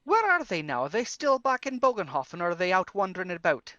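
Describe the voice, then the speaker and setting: A woman's voice: fairly low pitch, very animated, fast talker, bright, forceful tone, no room sound, lo-fi sound. A woman playing a tabletop game, speaking in character in a playful, slangy way. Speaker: player.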